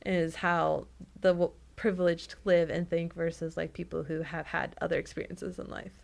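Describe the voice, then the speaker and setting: A woman's voice: on the low side, normal speed, vocal fry. A woman co-hosting a book club podcast, talking casually and laughing often. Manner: chatty, animated, laughs often. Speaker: podcast co-host.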